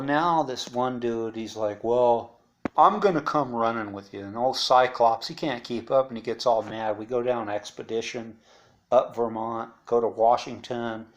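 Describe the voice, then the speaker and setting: A man speaks in a loose, rambling monologue, blunt and profane, with frequent asides. His voice has a gravelly edge. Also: fairly low pitch. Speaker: interviewee recounting life after incarceration. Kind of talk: casual storytelling monologue.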